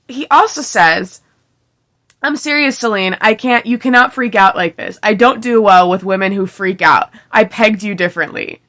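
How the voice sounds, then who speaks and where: Chatty bright-voiced young woman. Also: medium pitch, moderate pace. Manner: chatty, sarcastic, giggly asides. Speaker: book reviewer. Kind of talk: casual book recap with read-aloud passages.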